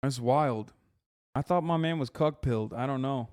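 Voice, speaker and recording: A man's voice: medium pitch, moderate pace, darkish tone, smooth. A man in his thirties, a streamer reacting to clips with an exasperated, swearing rant. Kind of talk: casual reaction commentary.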